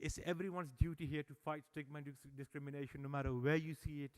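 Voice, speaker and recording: A man's voice: fairly high pitch, quick pace. A man giving a speech at a public meeting, telling stories and acting out the dialogue with energy. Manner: animated storyteller, acts out dialogue. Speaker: service user speaker at annual meeting. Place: meeting hall.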